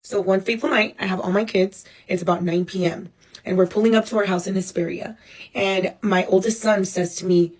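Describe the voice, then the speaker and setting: A woman in her thirties telling a personal story for a casual storytime vlog, animated and profane, acting out the people she quotes. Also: medium pitch, a little fast. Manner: animated, profane, dramatic retelling with acted-out quotes. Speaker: storyteller recounting her own life.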